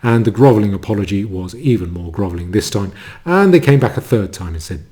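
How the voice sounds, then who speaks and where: Man, commentator, dark mellow low voice, sardonic asides, halting restarts. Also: lively intonation. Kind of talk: monologue commentary.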